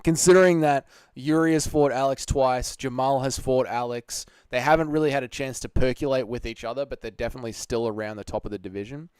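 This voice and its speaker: A man's voice: mid-range voice, fairly even intonation, fairly quick, few pauses, a little mellow, smooth, no room sound. A man hosting a casual livestream, reading chat comments aloud and arguing back. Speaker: livestream host answering chat.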